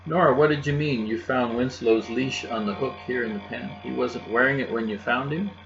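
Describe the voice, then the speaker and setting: A man's voice: mid-range voice, normal speed, creaky, dull audio, music in the background, close to an everyday voice. A man reading aloud, voicing an earnest, anxious young boy. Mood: puzzled.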